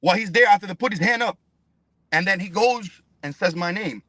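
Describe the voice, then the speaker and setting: A man speaks as a fighter guest with a notably high voice, airing grievances in a blunt, profane, emphatic way. He leans on repeated words and sounds dry and close to the mic. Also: brisk, bright, forceful tone, dry recording. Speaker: pro fighter, podcast guest. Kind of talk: heated interview talk.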